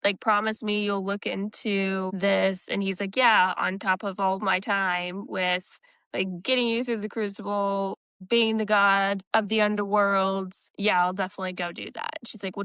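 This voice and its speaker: A woman co-hosting a casual book-club podcast, retelling chapters in a quick, chatty way. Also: mid-range voice, flat delivery, a bit bright, smooth, no echo. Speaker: podcast co-host.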